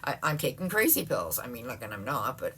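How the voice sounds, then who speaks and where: A woman's voice: a bass voice, very animated, a little fast, bright, forceful tone, breathy edge. A middle-aged woman ranting in a casual vlog from home, exasperated and profane, often breaking into laughs. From Canada. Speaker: vlogger. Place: at home, seated.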